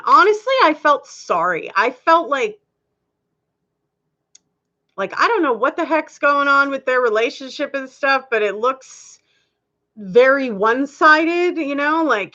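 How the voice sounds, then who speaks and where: A woman's voice: on the high side, bright, forceful tone, highs cut off. A woman hosting a casual live stream, chatting candidly with viewers and laughing often.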